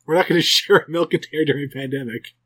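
A man's voice: a little high, very fast, a bit bright. A middle-aged man hosting a casual snack-tasting podcast, joking and laughing as he talks. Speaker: podcast host. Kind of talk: casual chat.

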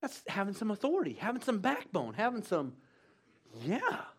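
A man's voice: high voice, huge pitch swings, normal speed, husky. A man preaching a sermon in a church, emphatic and full of call-and-response urging.

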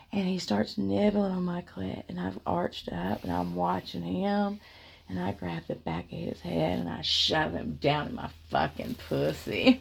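Woman telling a steamy story real slow, husky and a bit gravelly. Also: lowish voice, big pitch swings. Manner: slow, breathy, sultry narration. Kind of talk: explicit erotic storytelling.

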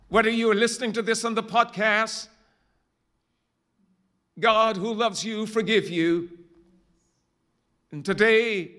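A man preaching a sermon in church, swinging from hushed, drawn-out emphasis to loud calls to the congregation. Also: sits high. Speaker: pastor.

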